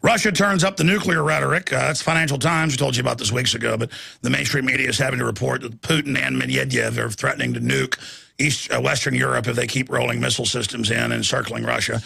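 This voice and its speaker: Male news host with a very gravelly, husky voice, ranting and indignant. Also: medium pitch, fairly even intonation, quick pace, bright, forceful tone, no room sound. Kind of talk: opinionated news commentary.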